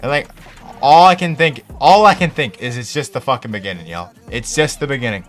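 A young man streaming live, chatting casually with his viewers in an excitable, profane, hyped-up way. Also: medium pitch, a little fast, soft background music. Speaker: Twitch streamer. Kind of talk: casual livestream chat.

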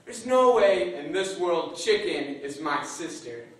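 A man voicing a big, angry female crocodile who shouts with booming indignation in a folk tale told live. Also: big pitch swings, a little slow. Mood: indignant. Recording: echoey room from far off.

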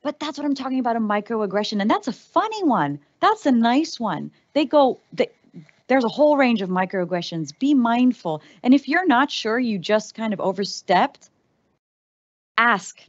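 An American woman speaks to a room in a workshop talk, her voice sitting a little high for a woman. She talks in a loose, conversational way and turns straight to her listeners. The recording is dull and somewhat lo-fi. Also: big pitch swings, normal speed, dry recording. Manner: conversational, addresses the audience directly. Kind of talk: corporate diversity talk to a live audience.

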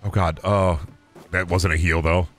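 A man's voice: low voice, flat delivery, a little slow, a bit bright, soft background music. A man streaming a video game and commenting live, talking in a profane, repetitive, often exasperated mutter.

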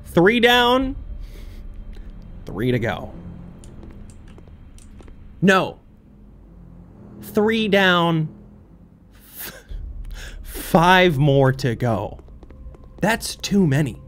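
A man playing a horror game on his channel, commenting excitedly with frequent laughter and panicky outbursts. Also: sits high, very slow, long pauses, slight background noise. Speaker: gaming YouTuber. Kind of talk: let's play commentary.

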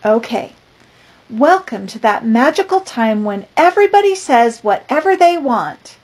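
An older woman voicing a bossy, exasperated cat in a storybook read-aloud, loud and emphatic, with a husky voice. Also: a little high, very animated, unhurried. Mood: insistent. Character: bossy cat insisting everyone meow.

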